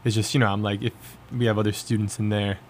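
Fast-talking rambling young man. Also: lowish voice, flat delivery. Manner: rambling storyteller, many fillers. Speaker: podcast co-host. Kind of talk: casual chat.

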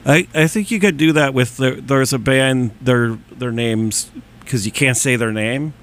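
A man's voice: medium pitch, measured pace, a bit bright. A man interviewing a band in a loose, goofy way, cracking jokes. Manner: goofy, joking. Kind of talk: casual chat.

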